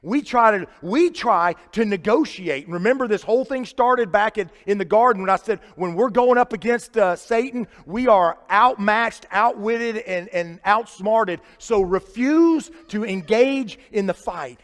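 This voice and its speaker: High-voiced preacher in a reverberant sanctuary. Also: male voice, animated, measured pace, hardly any pauses. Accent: Midwestern American. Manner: conversational, swings from loud emphatic to quiet and low. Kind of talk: sermon. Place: church sanctuary. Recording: live church sanctuary with long reverb.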